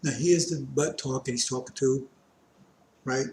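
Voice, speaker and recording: A man's voice: mid-range voice, fairly even intonation, unhurried, creaky, a little mellow, slight background noise. Man teaching scripture in a roomy space. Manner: reads verses aloud and explains them loosely, with many asides. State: coughing, strained voice. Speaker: religious teacher.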